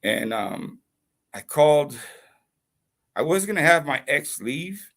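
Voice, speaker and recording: A man's voice: a little high, very animated, slow, gravelly, fairly bright tone. A man casually telling a long personal story, swearing freely, rambling, and checking in with "you know what I mean?". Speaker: YouTube channel host.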